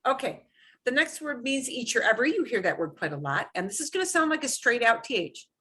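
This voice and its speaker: A woman's voice: fairly high pitch, big pitch swings, fairly quick, a bit bright, breathy edge. A woman teaching a beginners' Spanish class, explaining pronunciation patiently and repeating words for students to echo.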